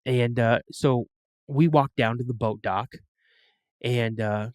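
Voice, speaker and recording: A man tells a story as a podcast guest in a casual, lively way, now and then acting out the voices of others. His voice sits at a middle pitch for a man. The recording is close and dry. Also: takes it slowly, clear, resonant tone, no room sound. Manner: animated, acts out quoted voices.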